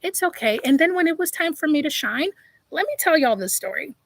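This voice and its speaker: A woman speaks live to her viewers as a life coach, emphatic and a little preachy, calling them y'all. Her voice sits a bit high. The sound is dry and close, with no room in it. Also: sing-song, a little fast, vocal fry, no echo, poor audio. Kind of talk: live-stream motivational talk.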